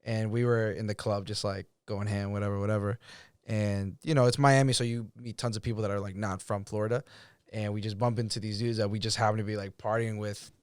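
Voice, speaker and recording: A man's voice: lowish voice, a little fast, clean tone, dry recording, studio quality. Chatty man hosting a podcast. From Boston. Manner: relaxed, chatty, full of fillers and "you know". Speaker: podcast host. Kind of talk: casual interview chat.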